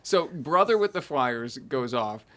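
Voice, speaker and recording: A man co-hosting a casual movie podcast, talking in an animated way with sarcastic asides and frequent laughs. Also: medium pitch, a little slow, a little hiss or hum. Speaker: podcast co-host.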